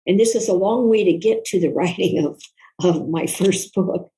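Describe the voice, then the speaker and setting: Older woman, interview guest, mellow gravelly voice, soft-spoken, earnest, reflective storytelling. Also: mid-range voice, moderate pace, low-quality recording. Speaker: guest, author.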